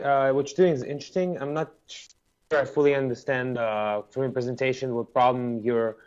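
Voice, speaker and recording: A man judging a pitch over a video call, hedging his feedback with hesitant pauses. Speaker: pitch contest judge. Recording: dull lo-fi video call audio.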